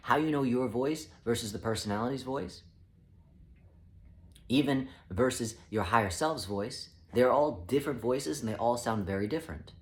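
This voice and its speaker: Man, calm measured spiritual teacher, even mid-range voice. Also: medium pitch. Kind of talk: spoken teaching talk.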